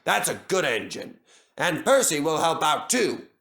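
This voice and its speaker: Man doing a stately railway boss, brisk, proper, commanding, animated. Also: on the high side, creaky, voice pushed up, heavily acted.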